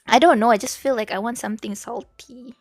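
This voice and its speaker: A woman's voice: on the high side, fairly even intonation, a little fast. A young Malaysian woman with a Malaysian English accent, chatting casually on her livestream and switching between English and Malay. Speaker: VTuber streamer. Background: faint background music.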